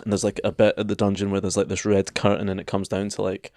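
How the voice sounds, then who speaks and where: A man's voice: fairly low pitch, monotone, fast, darkish tone, no echo, studio quality. A man co-hosting a podcast, telling an anecdote in casual chat with wry, sarcastic asides. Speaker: podcast co-host.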